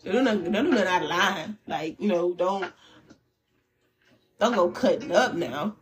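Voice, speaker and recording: A woman gives a general tarot reading in loose, chatty talk. She speaks candidly and animatedly, with slang and the occasional curse word. Her pitch sits in an ordinary middle range for a woman. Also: normal speed. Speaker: tarot reader. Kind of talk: casual spiritual reading.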